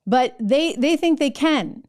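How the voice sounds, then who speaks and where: A woman's voice: high-pitched, animated, slow pace, a little mellow. A middle-aged woman hosting a political commentary show, talking in a sarcastic, mocking way.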